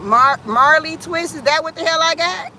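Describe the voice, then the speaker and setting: Chatty high-voiced woman livestreaming from car. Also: moderate pace, pushed and bright. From Cleveland, Ohio. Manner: chatty, profane, laughs often, talks to viewers. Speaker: livestream host. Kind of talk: casual livestream chat. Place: inside a moving car. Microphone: phone livestream. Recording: car and wind noise.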